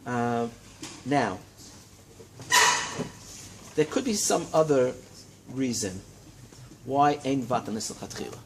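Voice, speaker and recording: A man teaching a Talmud class in a study hall, lecturing in a lively way and checking in with his students. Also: medium pitch, slow, long pauses, background noise. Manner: animated, lively teaching with frequent check-ins and rising emphasis.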